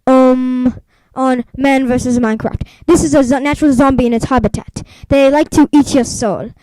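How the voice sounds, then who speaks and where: A woman putting on a fake British accent as a rambling, excitable wilderness survival host over gameplay. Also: high-pitched, normal speed, no echo, natural voice, poor audio. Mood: mock serious. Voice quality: rambling, giggly, hesitant. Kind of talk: comic impression over gameplay.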